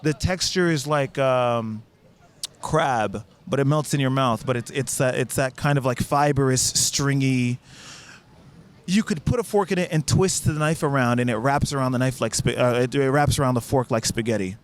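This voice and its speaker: A man from the United States casually telling a travel story, with many swings between low, quiet asides and high, excited bursts. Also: moderate pace. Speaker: vlogger recounting a trip.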